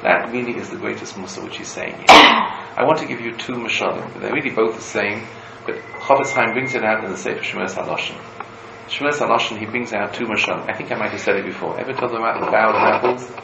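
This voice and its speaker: A man, a rabbi, giving a Torah lecture to students, telling stories in an animated way and weaving Hebrew quotes into his explanation. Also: lowish voice, quick pace, gravelly. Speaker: rabbi teaching a class. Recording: roomy room with background noise.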